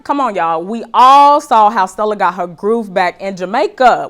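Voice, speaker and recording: A woman's voice: fairly high pitch, lively intonation, normal speed, few pauses, a bit bright. Woman, talk show host, comedic monologue, joking, calls crowd y'all, live studio audience.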